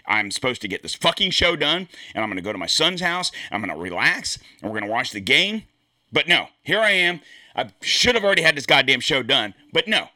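A middle-aged man hosting his podcast, hoarse from anger, ranting furiously with constant swearing. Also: medium pitch, sing-song, fairly quick, pushed and bright, dry recording. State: hoarse, lost voice. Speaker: podcast host. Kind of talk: angry ranting monologue.

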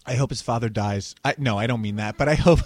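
A man's voice: medium pitch, fast talker, dry recording. A man hosting a podcast in casual chat, outspoken and profane, mocking what he dislikes. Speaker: podcast host.

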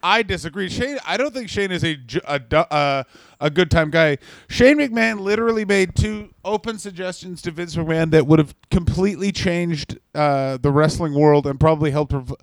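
A man co-hosting a comedy podcast, trading wry deadpan asides and explaining backstory at length. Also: on the high side, moderate pace, dry recording. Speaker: podcast co-host. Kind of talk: casual comedic podcast chat.

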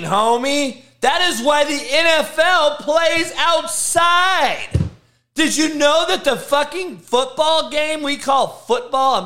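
A middle-aged man, a football coach hosting a live show, ranting about sports in heated, profane bursts. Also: very high voice. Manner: profane, heated, shouting rants. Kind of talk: live motivational sports rant.

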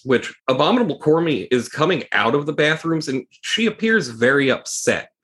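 A man narrates as game master of a tabletop game. He lays out scenes in a steady, descriptive voice and answers players with easy humor. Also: mid-range voice.

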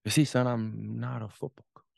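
Man voicing a quiet older father-coach, gravelly, dropping toward a whisper. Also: steady tone, very fast, dry recording. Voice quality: low, hushed, trailing into a whisper.

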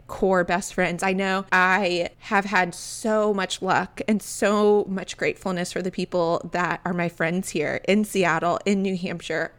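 A woman in her thirties with a Southern American accent, hosting a podcast in a casual, chatty, candid way. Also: medium pitch. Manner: chatty, candid, animated storytelling. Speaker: podcast host. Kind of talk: casual solo podcast talk.

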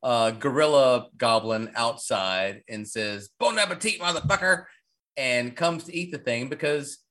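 A man's voice: medium pitch, measured pace. Rambling, profane man recapping a movie. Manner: rambling, profane, animated retelling. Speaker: podcast co-host. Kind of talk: casual movie-recap chat.

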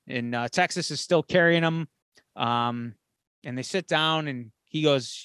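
Animated man retelling a movie plot. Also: a little high, measured pace, smooth, no echo, clean studio sound. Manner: animated storyteller acting out quotes with swearing. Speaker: podcast co-host. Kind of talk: casual retelling of a film plot.

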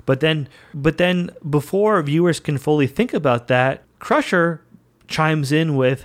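A man's voice: medium pitch, moderate pace. A man giving casual solo commentary on a movie scene, chatty, enthusiastic and self-deprecating. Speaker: film commentator.

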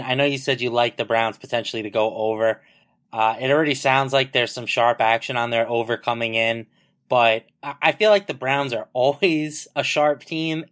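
A man co-hosting a sports betting podcast, giving relaxed analysis with lots of fillers. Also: mid-range voice. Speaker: podcast co-host. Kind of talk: casual sports betting chat.

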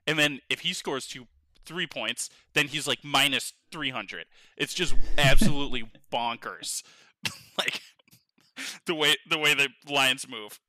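Bright, excitable male podcaster. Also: medium pitch, measured pace, no room sound. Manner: excitable, rambling, laughs often. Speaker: podcast co-host. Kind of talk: casual chat. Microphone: headphones on, podcast mic.

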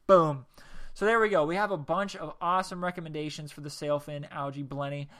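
Bright-voiced man rambling through a podcast. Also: fairly high pitch, fairly even intonation, a little fast. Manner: rambling, jokey, stumbles over words. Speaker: podcast host. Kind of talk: casual solo podcast, reading aloud.

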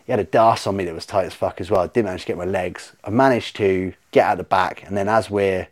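A man, a podcast guest telling animated stories in casual chat, swearing freely and acting out his own reactions. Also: low voice, quick pace.

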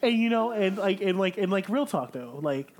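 A man in casual podcast chat, slangy and animated, packing his talk with "like". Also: sits high, normal speed. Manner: slangy, animated, heavy on "like" fillers.

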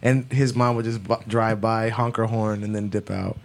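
A man's voice: fairly low pitch, steady tone, normal speed, a little hiss or hum. A young man chatting with a friend in emphatic, slangy banter. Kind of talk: casual chat.

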